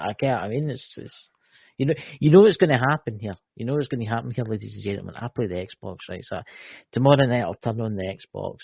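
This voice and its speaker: A Scottish man co-hosts a live-stream chat over a video call, teasing, joking, and saying "you know" a lot. His mid-range voice is husky with vocal fry, no room sound, and dull lo-fi call audio.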